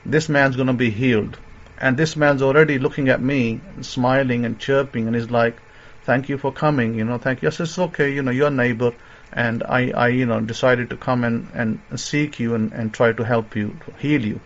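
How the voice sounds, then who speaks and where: A man's voice: medium pitch, steady tone, normal speed. Rambling male preacher, muffled sound. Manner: rambling, many fillers and restarts. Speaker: religious teacher. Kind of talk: sermon-style storytelling.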